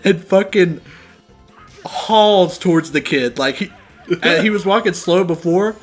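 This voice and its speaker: A man's voice: sits high, measured pace, soft background music. A young man co-hosting a game playthrough, telling a story casually with lots of swearing and laughter. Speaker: let's play co-host. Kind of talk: casual gaming chat.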